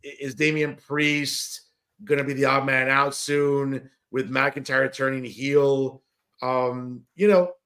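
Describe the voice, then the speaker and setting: Here a wrestling podcast co-host speaks slowly in a mid-range, slightly bright voice with fairly even intonation. He meanders casually through the card, leaning on "uh" and "you know."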